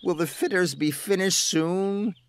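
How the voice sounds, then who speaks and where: A man's voice: sits high, very animated, normal speed, sharp tone, no room sound, pitched above the performer's own voice, heavily acted. A man reading a storybook and voicing a kind, eager old male engine in an earnest, raised voice, over music. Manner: earnest, lifted voice. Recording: music playing behind.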